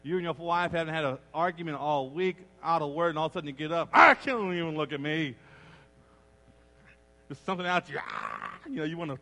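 A middle-aged pastor preaches in an animated way, often slipping into the voices of the people he quotes. His voice sits a little high for a man. It rings out with the long reverb of a big church sanctuary. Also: a little fast, creaky. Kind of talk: sermon.

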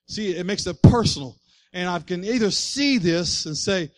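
High-voiced man preaching with fervor. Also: animated, normal speed, no echo. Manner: preaching with rising fervor and repeated refrains. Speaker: pastor. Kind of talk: sermon.

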